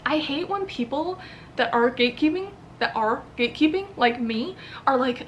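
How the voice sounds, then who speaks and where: An American woman in her early twenties talks casually to camera in a slightly higher voice, rambling through her thoughts with constant fillers and a few swears. She sounds candid and unscripted, as if chatting at home. A faint ambient hum sits under her voice. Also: animated, moderate pace. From United States. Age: early 20s. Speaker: vlogger.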